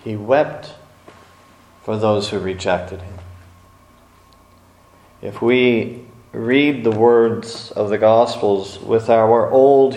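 A man preaching a sermon, speaking slowly with dramatic pauses and acting out quotes from scripture stories. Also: on the low side, a little mellow. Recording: echoey room.

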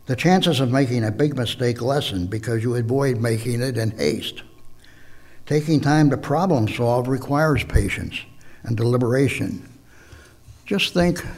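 A man preaching a sermon in a measured way, often stopping to correct himself. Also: mid-range voice, a little mellow, slightly rough. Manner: measured, slips and self-corrects, tells jokes.

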